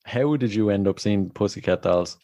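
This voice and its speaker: A man's voice: fairly low pitch, moderate pace, mellow, no room sound, clean studio sound. A man hosting a podcast, laid-back, laughing along and giving short replies while asking questions. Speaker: podcast host. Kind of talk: casual interview chat.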